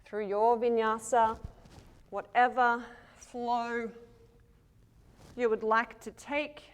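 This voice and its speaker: A woman teaching a yoga class, calmly cueing poses and breaths while moving, breathing heavily herself. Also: a little high. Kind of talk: guiding a yoga flow.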